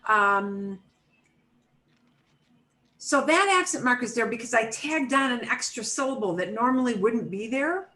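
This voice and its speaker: A woman's voice: a little high, animated, a little slow, pauses often, pushed and bright, poor audio. A middle-aged woman teaching an online Spanish class, explaining grammar patiently step by step with everyday examples over a video call.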